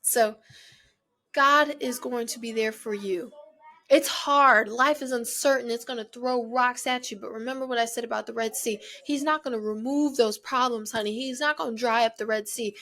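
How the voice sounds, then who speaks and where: A woman's voice: on the high side, a bit bright. Earnest young woman giving faith pep talk. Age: young adult. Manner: earnest, emphatic, repetitive encouragement. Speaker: podcast host. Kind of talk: faith-based motivational chat.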